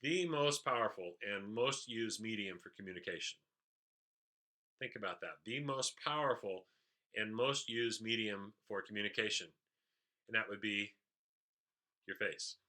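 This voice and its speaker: A man's voice: fairly low pitch, unhurried, long pauses, sharp tone. A man leadership trainer giving an explanatory recap of a training session, with frequent "uh" fillers.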